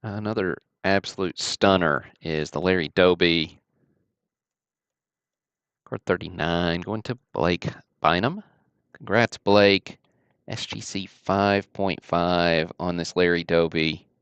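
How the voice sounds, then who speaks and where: Male livestream host, very low gravelly voice, relaxed chatty delivery. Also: slow pace, no echo. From Alabama. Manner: easygoing, chatty running commentary. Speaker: host of a card-break livestream. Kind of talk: casual livestream commentary.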